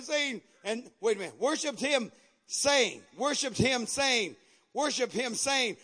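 A male pastor preaching a sermon with fiery energy, shouting at the peaks and dropping in repeated amens. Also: sits high, very animated, unhurried, breathy edge.

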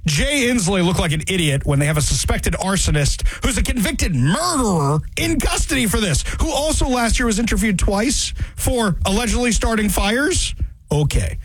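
A man hosting a talk radio show, sarcastic and animated, repeating phrases for emphasis into a studio mic. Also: high-pitched, normal speed, breathy edge, dry recording, rough recording.

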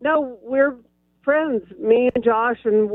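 A woman's voice: fairly high pitch, slow pace, no echo. A woman calling in to a radio show, cheerful and chatty, giggling as she tells her story. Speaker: caller. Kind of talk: telling a story on a call-in show. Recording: tinny phone line.

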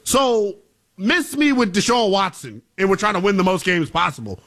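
A man's voice: sits high, expressive, normal speed, a bit bright. A man co-hosting a sports talk show, giving emphatic, playful opinions. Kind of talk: animated sports debate.

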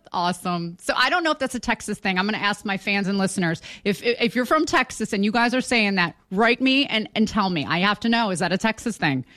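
A woman's voice: medium pitch, animated, fairly quick, a bit bright. A woman hosting an interview, enthusiastic and laughing often as she asks questions. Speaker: interviewer host. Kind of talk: casual interview conversation.

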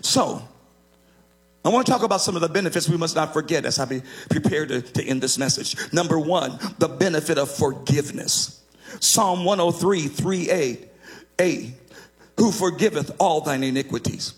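A man's voice: a little high, animated, normal speed. A man preaching a sermon, emphatic and sometimes lifting his lines into a half-sung cadence.

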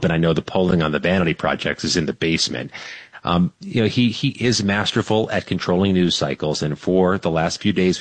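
A man with a very low voice gives steady, wry commentary as a regular radio guest. He talks in a measured, deliberate way. The sound is dry and close. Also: no room sound, low-quality recording.

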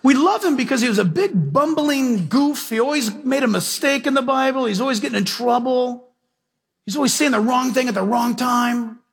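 A male preacher giving an emphatic sermon, asking his listeners direct questions and telling lively stories. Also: very high voice, normal speed, breathy edge. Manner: emphatic, questions the audience, animated storytelling.

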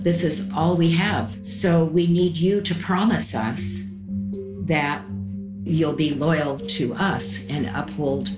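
An older woman recalls events earnestly in an interview, her voice low for a woman. The room around her rings with echo. Music plays clearly beneath her. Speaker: interviewee, mother. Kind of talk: interview recollection.

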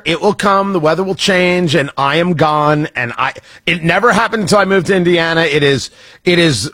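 A man's voice: a little high, fairly bright tone, no echo. A man hosting a radio morning show, bantering and teasing his co-hosts in a casual, joking way. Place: radio studio.

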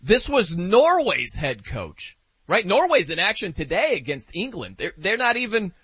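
A man hosts a sports talk show in a lively, casual way, often laughing and acting out quotes. His voice is bright and a little husky. The sound is dry and close but dull and lo-fi. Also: sits high, moderate pace, no echo. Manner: animated, laughing, acts out quotes.

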